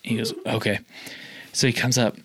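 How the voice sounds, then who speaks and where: A man in mid-pitch tells a sales story in relaxed, filler-heavy chat, acting out phone calls and jumping sharply up in pitch. The sound is dry and close. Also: a little fast, no room sound. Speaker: guest telling a sales story. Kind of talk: casual chat.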